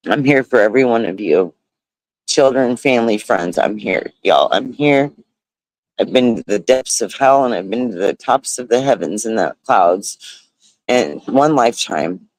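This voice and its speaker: An older American man hosts a casual livestream outdoors at a beach resort, chatting in a heartfelt, rambling way, laughing often and saying "y'all." His mid-range voice is animated and measured in pace, captured on a phone in a dry, low-quality recording.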